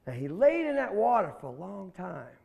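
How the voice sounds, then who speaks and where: A man telling a folk tale aloud in an animated, folksy way, talking straight to his listeners. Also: sits high, normal speed, creaky, slightly rough. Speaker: storyteller. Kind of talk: oral folk storytelling. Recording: long hall reverb.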